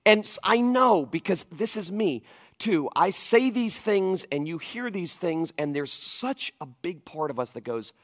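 A man who is a pastor, preaching a conference sermon in an animated, conversational storytelling manner. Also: high-pitched, unhurried.

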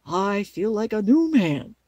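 A woman voicing a friendly straw-stuffed scarecrow man with a husky, eager voice. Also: medium pitch, sing-song, a little slow, warm tone, dry recording, lo-fi sound. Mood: polite.

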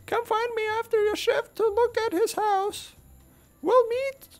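A man voicing a game townsperson in a high, squeaky falsetto. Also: steady tone, measured pace, soft background music. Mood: eager.

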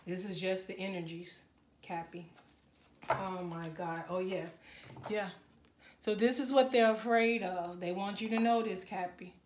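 A woman's voice: mid-range voice, steady tone, a little slow, noisy background. Emotional woman tarot reader in an echoey room. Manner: emotional, exclaiming, talks straight to the viewer. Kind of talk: casual tarot reading to camera.

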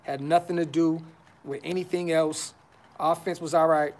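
A man's voice: a little high, steady tone, normal speed, a little mellow. A man hosting a fan podcast, talking casually on a live stream with frustration, blunt slang and lots of repeats. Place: brother's house.

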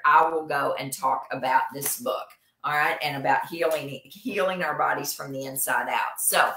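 A woman's voice: low-pitched, pushed and bright, echoey room. A woman from Kentucky, hosting a casual livestream and talking emphatically, repeating phrases to drive her points home. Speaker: nurse practitioner and show host.

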